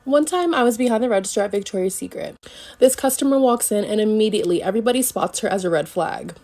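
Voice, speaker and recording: A woman's voice: medium pitch, animated, fast, warm tone. A woman who works retail, telling a casual storytime in a sassy, conversational way. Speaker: retail worker.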